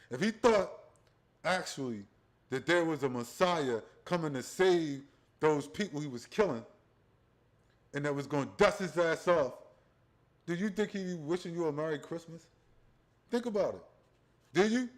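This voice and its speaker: A man's voice: fairly high pitch, lively intonation, normal speed, long pauses. A man hosting a profane religious commentary livestream, rambling and talking straight to his viewers, often tacking on "right?". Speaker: livestream host.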